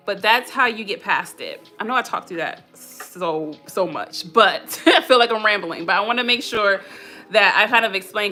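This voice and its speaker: A woman's voice: medium pitch, sharp tone. A woman hosting a live motivational stream, speaking earnest affirmations and reflecting on self-talk. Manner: answers live chat between points. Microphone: webcam or phone mic on a live stream.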